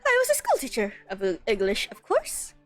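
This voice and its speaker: A reserved young Japanese scholar explains himself with slow, earnest care, as a woman reads him in a lowered voice. Even in a deeper register the voice still sits fairly high and moves a lot. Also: soft background music.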